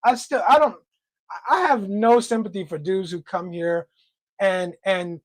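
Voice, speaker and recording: A man's voice: high-pitched, lively intonation, normal speed, no room sound. Blunt slangy man hosting a livestream. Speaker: livestream host. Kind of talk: casual livestream discussion.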